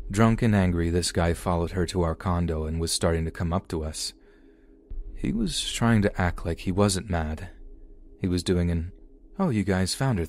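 A man reading an online story aloud in steady, scripted narration. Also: deep voice.

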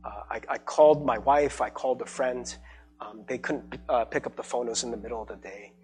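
A man's voice: mid-range voice, darkish tone. A young adult man, a pastor, giving a conversational sermon testimony with many fillers and restarts. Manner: conversational, halting with many fillers and repeated words.

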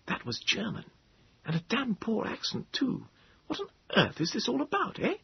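An excitable gentleman exclaims in a hushed, breathy voice pitched well above the reader's own, as a male narrator puts him on. The tone is very husky and lively. The recording is dry and a little dull. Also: normal speed, exaggerated voice. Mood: scornful. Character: excitable gentleman companion, man.

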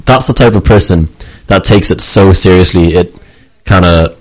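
A man's voice: sits low, normal speed, darkish tone, low-quality recording. A man chatting casually on a talk show, rambling and stammering as he restarts. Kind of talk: casual chat.

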